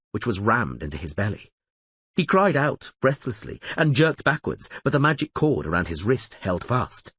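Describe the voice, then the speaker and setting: A man narrates a fantasy audiobook in a dramatic, expressive manner. His husky voice swings wide across its range. The sound is dry and close. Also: lowish voice, dry recording.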